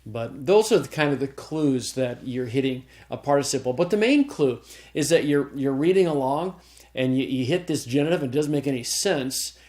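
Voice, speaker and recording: A man's voice: mid-range voice, lively intonation, normal speed, a little mellow. Man lecturing on Greek grammar. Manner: explanatory, checks in with "okay?", frequent restarts. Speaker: Greek teacher. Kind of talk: recorded classroom lecture.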